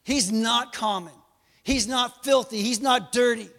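A man preaching a sermon as pastor, animated, with joking asides and bursts of raised emphasis. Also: very high-pitched, measured pace, in a large hall.

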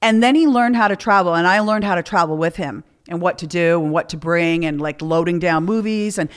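A woman's voice: lowish voice, brisk, clean tone. Candid woman telling stories. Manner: candid storytelling with acted-out quotes. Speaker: podcast guest. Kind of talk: casual chat.

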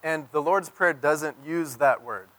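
A man preaching a sermon as pastor, telling stories and swinging from loud emphasis to near-whisper. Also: on the high side, a little slow.

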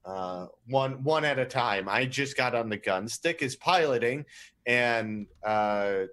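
A man's voice: mid-range voice, animated, takes it slowly, fairly bright tone. Rambling crude man, player. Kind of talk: casual chat.

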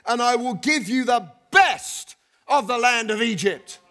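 Speaking with an extremely high pitch and a little slowly, a middle-aged pastor delivers a sermon. Between scripture readings he chuckles, makes casual asides, and animatedly draws the congregation into call-and-response again and again.

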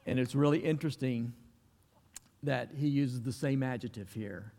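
In a church with long hall reverb swallowing the ends of his words, a pastor preaches at a moderate pace. He tells his sermon like a relaxed, folksy story, voice pitched mid-range, occasionally slipping into the voices of the people he quotes.

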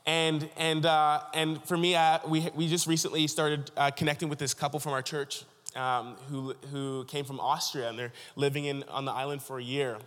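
A man preaching a sermon, his voice sitting a touch higher than most men's. He tells stories earnestly, often restarting his sentences. His words ring with the long reverb of a big church hall. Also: level tone, normal speed, fairly bright tone. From Canada (Ontario). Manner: earnest storytelling with frequent restarts. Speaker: pastor.

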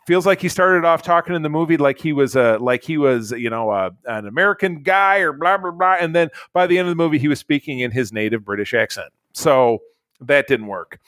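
A man's voice: fairly high pitch, animated, fairly quick, a bit bright, no echo. A man co-hosting a casual chat, reviewing a movie in a blunt, rambling way with lots of fillers and restarts. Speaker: podcast co-host, movie reviewer.

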